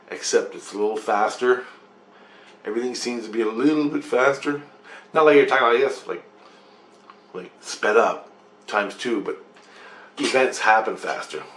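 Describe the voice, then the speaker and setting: A man's voice: on the low side, a bit bright, a little hiss or hum. A man vlogging, telling a dream story in a loose, profane, meandering way. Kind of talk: rambling casual storytelling. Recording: echoey room with faint ambience.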